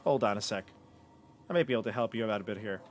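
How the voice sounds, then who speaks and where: A man narrating a tabletop game as game master, in a casual, halting way. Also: lowish voice, a little hiss or hum.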